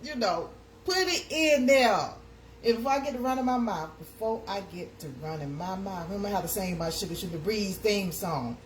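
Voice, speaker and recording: A woman's voice: medium pitch, expressive, normal speed, a little hiss or hum. A woman hosting a casual live chat, talking in a sing-song way and reading comments aloud. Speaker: livestream host.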